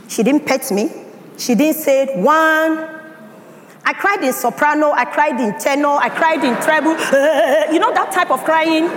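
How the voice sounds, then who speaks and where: A woman with a Nigerian accent giving a motivational talk and telling a personal story with dramatic emphasis. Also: high voice. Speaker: speaker. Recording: echoey hall, faint ambience.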